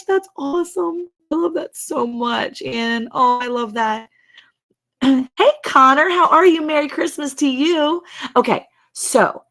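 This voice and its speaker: A woman's voice: mid-range voice, a bit bright. A woman in her thirties hosting a casual ranch livestream, chatty and laughing often as she greets viewers by name. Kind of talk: casual live-stream chat.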